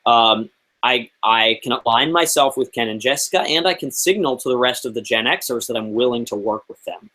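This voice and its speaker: A young man in his twenties tells a story as a guest on a chat show. He talks in an animated, casual way, with lots of fillers and quotes he acts out. His voice sits at an ordinary middle pitch. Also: moderate pace, poor audio. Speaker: interview guest.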